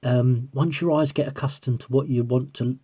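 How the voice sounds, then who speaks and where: His warm, husky mid-range voice stays steady at a normal speed as he vlogs about collecting coins. Talking casually to viewers, he rambles while looking through a magnifier and keeps laughing.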